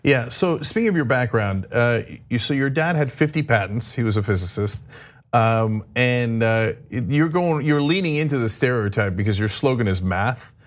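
A male host asking interview questions in a playful way, quick to laugh. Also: mid-range voice, expressive.

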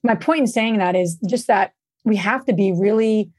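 A woman's voice: mid-range voice, normal speed, a little mellow, no room sound. A woman hosting a podcast, talking her way into a question with many asides. Her voice is mid-range and heard close and dry. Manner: chatty, rambling questions with many fillers. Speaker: podcast host. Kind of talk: podcast interview.

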